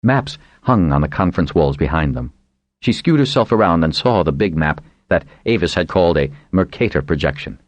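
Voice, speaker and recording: Male audiobook narrator, low and lively, dry sound. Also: a little fast, dry recording. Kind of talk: scripted narration.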